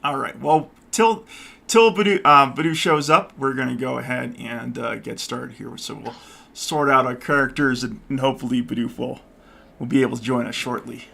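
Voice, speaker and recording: A man hosting a co-op game stream, talking loudly and cheerfully with his players. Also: medium pitch, normal speed, vocal fry. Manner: loud and lively, says so himself. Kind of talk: casual live-stream chat.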